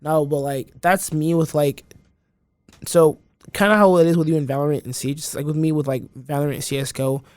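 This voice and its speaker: A man's voice: fairly high pitch, steady tone, a little fast, a little mellow, no echo. A man guest on a podcast, chatting casually and animatedly, rambling with lots of restarts. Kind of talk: casual chat.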